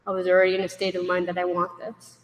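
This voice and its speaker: A woman telling her personal recovery story to a meeting, candid and animated, acting out dialogue with a raised voice. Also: lowish voice, quick pace. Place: meeting room. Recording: echoey hall from far off.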